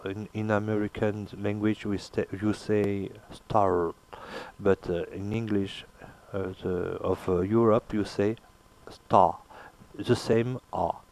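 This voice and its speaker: A man with a lowish voice teaches pronunciation at a very unhurried pace. He hesitates constantly, filling gaps with "uh" and repeating each word to model its sound. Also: little pitch movement, creaky, a little mellow. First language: French. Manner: hesitant, many filler pauses, repeats words slowly to model sounds. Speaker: language teacher. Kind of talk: pronunciation lesson.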